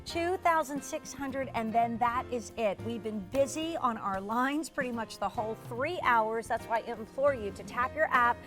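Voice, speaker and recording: A woman hosting a live television shopping segment, bubbly and gushing as she chats. Her voice sits fairly high, and she talks quickly and warmly about what she is tasting and selling. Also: music in the background. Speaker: shopping channel host. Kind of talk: live TV sales pitch.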